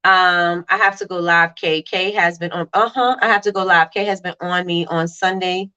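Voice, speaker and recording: Brief: quick, animated woman host of a live business chat, bright voice. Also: on the low side, smooth, dull audio. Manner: fast-talking, animated, reads out viewer comments. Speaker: livestream host. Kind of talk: casual live-stream chat.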